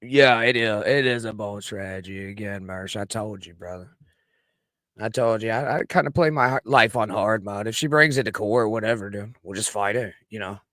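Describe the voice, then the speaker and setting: A man streaming commentary on a recorded radio show, talking in a profane, rambling way that swings from loud outbursts to mutters. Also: on the low side, moderate pace, no echo, studio quality. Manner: profane, rambling, swings between shouting and mumbling. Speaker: streamer reviewing his own radio appearance.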